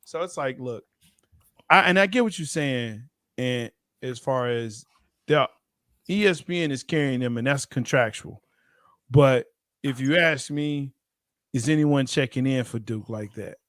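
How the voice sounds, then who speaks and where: A man hosting a casual sports chat on a video call, lively and quick to laugh. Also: medium pitch, dry recording, clean studio sound. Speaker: host.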